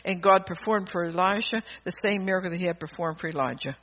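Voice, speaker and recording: A man preaching a sermon, fervent and rambling, who swings from soft asides to loud calls to the congregation. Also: high voice, fast talker. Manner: rambling, with restarts and laughter. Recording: dull lo-fi recording.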